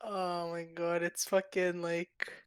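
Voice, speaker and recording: A man in his twenties on a casual podcast, trading excitable gaming banter with friends, swearing and laughing easily. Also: high voice, slow pace, smooth. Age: 20s. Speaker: podcast co-host.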